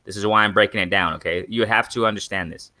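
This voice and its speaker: A man's voice: on the low side, fairly even intonation, fast, bright, forceful tone, no echo. A young man hosting a live boxing stream, rambling and repeating himself as he keeps calling out to his viewers as "guys.". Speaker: boxing channel host. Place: in Mexico.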